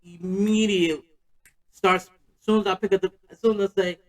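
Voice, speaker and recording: A man's voice: high-pitched, fairly even intonation, brisk, low-quality recording. A man hosting a podcast, telling a personal story in a loose, slangy, conversational way. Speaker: podcast host.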